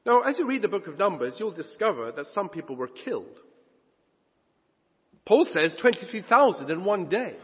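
A man preaching a sermon, emphatic, swinging between loud declarations and hushed asides. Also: high-pitched, big pitch swings, moderate pace, husky. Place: church hall. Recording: dull recording in a long-reverb hall.

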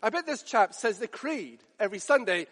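High-voiced preacher, echoing church. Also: male voice, lively intonation, normal speed, fairly bright tone. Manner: earnest, emphatic, repeats phrases for effect. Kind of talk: sermon. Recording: long reverb of a large church.

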